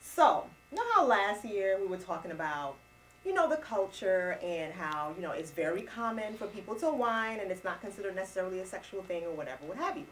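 A woman from Trinidad co-hosting a chat show, animated and quick to laugh and correct her partner. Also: mid-range voice, slight background noise, rough recording. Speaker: co-host. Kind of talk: casual chat show banter.

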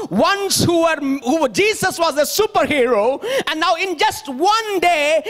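A male pastor preaches with a strikingly high-pitched, fairly bright voice. He delivers his sermon emphatically, tossing rhetorical questions out to his listeners.

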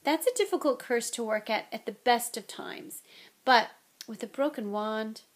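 A woman's voice: fairly high pitch, moderate pace, close to an everyday voice. A woman voicing an anxious, clever schoolgirl witch who speaks precisely, in an audiobook reading. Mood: earnest. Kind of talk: audiobook character voice.

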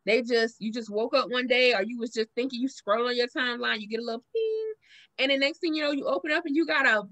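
A woman with a Southern accent hosts a casual podcast chat, telling stories with lively acted-out quotes. Her voice sits high and sounds bright and forward. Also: fast. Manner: animated storytelling, acts out quotes with big pitch jumps. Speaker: podcast host.

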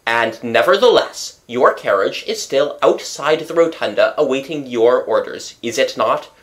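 A reader voicing a self-satisfied police commissary who questions and lectures in a measured way. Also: mid-range voice, expressive, natural voice. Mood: probing. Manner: measured, lecturing, pleased with himself.

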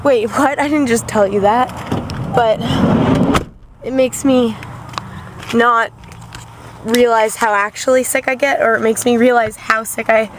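A young woman, tired and chatty, rambles into a camera held at arm's length, her voice sitting a little high. She pokes fun at herself as she goes. Steady car and road noise runs underneath. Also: measured pace, long pauses. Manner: chatty, rambling, self-mocking. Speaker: vlogger. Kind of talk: casual rambling vlog. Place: inside a vehicle. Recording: noisy car background.

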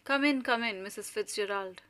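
A woman's voice: medium pitch, a little fast, a bit bright, close to an everyday voice. A woman voicing a domineering middle-aged mother who speaks sharply and severely, raising her voice to scold her family. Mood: severe, commanding.

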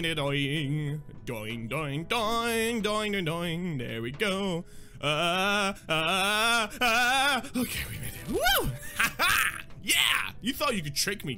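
A young man doing lively Let's Play commentary, excitable and swearing as he plays. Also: very high-pitched. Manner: excitable, swearing, laughing, silly asides. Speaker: gaming YouTuber.

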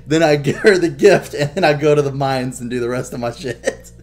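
A man chatting on a podcast in a casual, profane way. He tells gaming stories with lots of energy and bursts into loud mock quotes. His pitch sits in the middle for a man. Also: fairly quick. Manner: animated storytelling, heavy swearing, acts out loud quotes. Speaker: podcast co-host. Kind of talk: casual chat.

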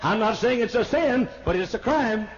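An older male pastor preaching to a congregation in a strikingly high voice. He hammers his points, stumbles into repeated words, then breaks into shouts. The old recording sounds dull and lo-fi. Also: lively intonation, normal speed, soft background music. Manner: emphatic preaching with stammered repeats and sudden shouts. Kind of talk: sermon. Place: large church auditorium. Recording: dull lo-fi archival sermon tape.

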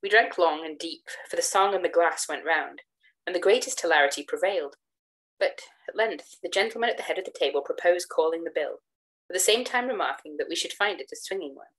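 Woman reading a gothic tale, low-toned. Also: low-quality recording. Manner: measured, expressive first-person storytelling. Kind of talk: literary narration read aloud.

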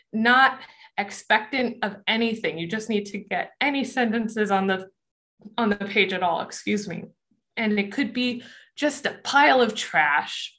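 A woman's voice: mid-range voice, a bit bright. Chatty woman teaching essay writing. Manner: conversational, emphatic, many fillers and asides. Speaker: college essay workshop presenter. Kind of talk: online workshop presentation.

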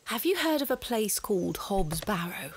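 A woman's voice: mid-range voice, big pitch swings, normal speed. A prim, inquisitive lady. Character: inquisitive, proper young Victorian lady. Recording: background noise audible.

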